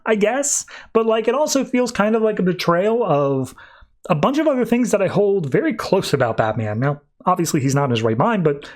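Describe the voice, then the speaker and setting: A young man with a fairly high voice, talking through a comic plot in an easygoing, chatty way. He slips into quick character voices mid-sentence and keeps it animated throughout. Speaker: podcast host reviewing comics. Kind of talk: casual comic recap with acted-out dialogue.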